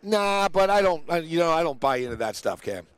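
A man hosts a casual sports talk show with a fairly high voice. He tells stories animatedly and acts out the people he quotes. The sound is dry and close. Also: big pitch swings, fairly quick, clean tone, no echo. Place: outdoors near a big event.

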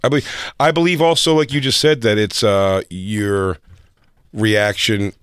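Low-voiced joking podcast host, dry mic. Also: male voice, fairly even intonation, a little slow, fairly bright tone, smooth, dry recording. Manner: teasing, crude joking. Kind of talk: casual podcast banter and ad reads.

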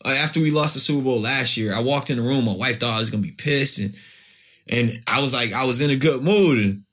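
A man's voice: mid-range voice, fairly quick, fairly bright tone. A man, a pro football player, answering interview questions in a loose storytelling way with many restarts.

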